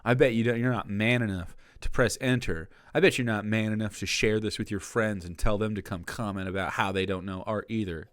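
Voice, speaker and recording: A man's voice: fairly low pitch, fairly even intonation, a little fast, few pauses, dry recording. A man streaming a casual reaction commentary, profane and mocking, close to the mic.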